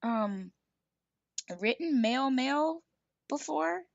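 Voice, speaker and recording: A woman's voice: high-pitched, animated, slow, gravelly, no echo, highs cut off. A woman podcast host interviewing a guest, playful and teasing as she coaxes her along. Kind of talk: casual interview.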